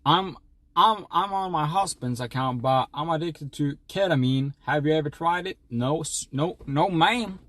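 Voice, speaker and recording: A young Swedish streamer chats playfully and reads donations in a rambling way, stumbling into restarts. His voice is on the high side, fairly bright and unhurried, with no echo.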